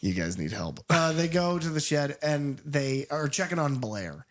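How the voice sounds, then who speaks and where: Animated, swearing podcast co-host woman. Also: deep voice, normal speed. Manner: animated, swearing, laughing, acts out quotes. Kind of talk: casual film discussion.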